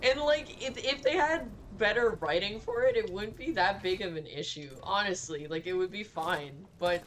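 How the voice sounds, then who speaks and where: A woman's voice: mid-range voice, normal speed, a little hiss or hum. A woman game streamer giving casual, candid commentary while she plays, laughing often and swearing freely.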